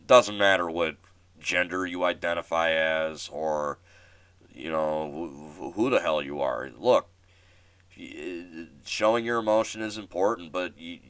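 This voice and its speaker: A man's voice: deep voice, fairly even intonation, unhurried, a bit bright, clean tone, no echo. A man in his twenties hosting a podcast, telling a casual story with many restarts and fillers in a self-deprecating way. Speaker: podcast host.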